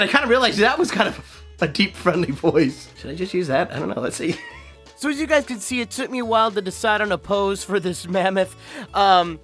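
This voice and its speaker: A man's voice: on the high side, sharp tone. A young man and voice actor hosting a casual chatty video in a playful, giggly way. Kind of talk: casual chat.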